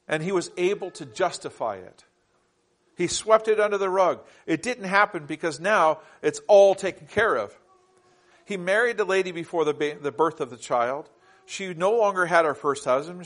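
Male pastor, slightly high voice, sermon delivery with dramatic loud-to-soft swings and slow word-by-word emphasis. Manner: dramatic shifts between loud emphatic reading and quiet intimate asides; slow deliberate stresses on single words.

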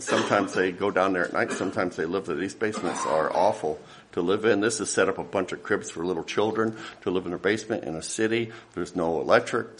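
A middle-aged man, a missionary, tells stories in a casual, rambling way while showing pictures, often restarting and chuckling. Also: on the low side. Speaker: missionary giving a ministry update. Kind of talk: casual slideshow talk.

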